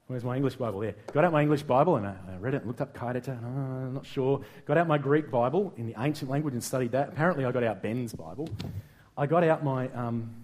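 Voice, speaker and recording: A middle-aged man with an Australian accent preaching a sermon, playful and lively, speaking directly to the congregation. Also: mid-range voice, a little hiss or hum. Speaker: pastor.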